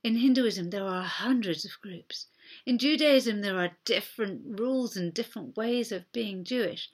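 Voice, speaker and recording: A woman's voice: medium pitch, moderate pace. A woman pastor giving a sermon in an earnest, conversational way, acting out short quoted exchanges.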